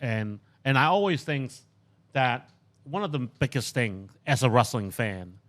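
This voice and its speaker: A man's voice: mid-range voice, lively intonation, measured pace. A man hosting a podcast interview, a supportive listener who stumbles and repeats words as he starts sentences. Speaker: podcast host. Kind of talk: casual interview.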